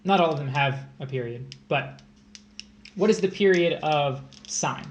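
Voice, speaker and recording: A man's voice: on the high side, unhurried, muffled recording. A man tutoring test prep on a casual livestream, joking and rambling as he explains math. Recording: echoey room, faint hiss.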